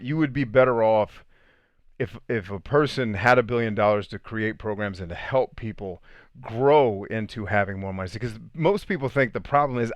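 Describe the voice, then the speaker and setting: Blunt, opinionated man with a low voice. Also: fairly bright tone, no echo. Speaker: podcast host answering live comments. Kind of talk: livestream chat.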